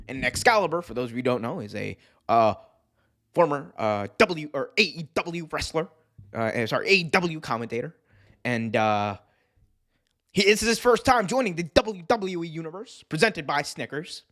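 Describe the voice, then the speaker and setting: Wrestling podcast host, excitable and slangy, cracks up easily. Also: male voice, on the high side, moderate pace. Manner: excitable, laughs often, slangy. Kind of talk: casual chat.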